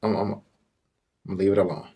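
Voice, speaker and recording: A man's voice: low voice, level tone, fast, warm tone, husky. A man giving casual reaction commentary in incredulous, stammering asides. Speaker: reaction video host.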